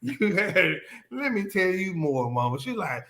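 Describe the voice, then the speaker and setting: A man's voice: sits high, unhurried. A man co-hosting a podcast, telling stories in casual banter and laughing often. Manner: animated storyteller, laughs often. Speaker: podcast co-host.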